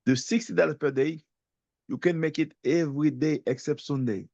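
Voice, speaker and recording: A man giving a motivational sales talk as a guest speaker, telling his story in an emphatic, animated way and often turning to the host by name. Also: fairly high pitch, moderate pace, vocal fry, dry recording. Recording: dull lo-fi audio.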